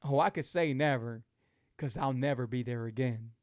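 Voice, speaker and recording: A man's voice: medium pitch, normal speed, dry recording, studio quality. A middle-aged man, hosting a casual live talk for his viewers. He speaks with emphatic, repetitive, preachy encouragement. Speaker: host of a keto lifestyle show.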